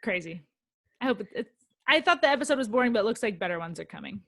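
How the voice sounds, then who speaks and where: A woman co-hosting a podcast, chatting casually and quickly about reality TV with lots of fillers. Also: medium pitch, animated, gravelly, fairly bright tone, no room sound. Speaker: podcast co-host.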